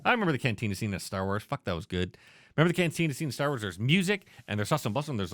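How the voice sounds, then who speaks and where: A man co-hosting a casual movie podcast, profane, acting out scenes in quick voices. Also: mid-range voice, sing-song, fairly bright tone, no echo, clean studio sound. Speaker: podcast co-host. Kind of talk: casual movie review chat.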